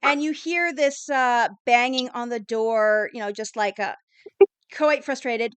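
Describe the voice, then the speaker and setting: Game master lady, high smooth voice, lots of ums, dry sound. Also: measured pace, a bit bright, dry recording. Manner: descriptive, filler-heavy. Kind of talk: narrating a tabletop game.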